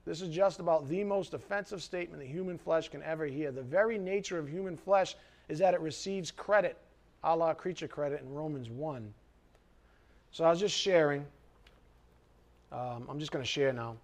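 A man preaching a sermon in an animated way, reading scripture and acting out everyday conversations. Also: fairly high pitch, normal speed. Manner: animated, acts out quoted voices. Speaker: pastor.

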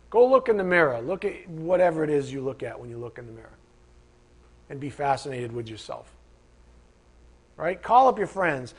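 A man's voice: on the high side, very animated, moderate pace, pauses often. A man preaching a sermon in a conversational, emphatic way, acting out imagined voices of his listeners.

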